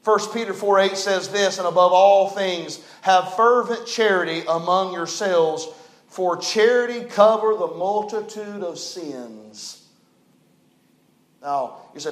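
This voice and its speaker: A pastor preaching with fervor, his voice sitting high for a man. He swings between ringing emphasis and near-whispered tenderness. The sanctuary around him is roomy and echoey. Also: slow. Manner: fervent preaching, swings from loud to hushed. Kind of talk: sermon. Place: church sanctuary.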